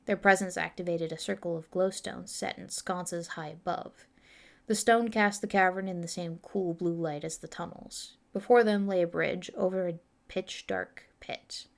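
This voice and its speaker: A woman with a lowish voice and vocal fry livestreams a reading of her own novel. She chats casually with viewers and talks herself through the pages.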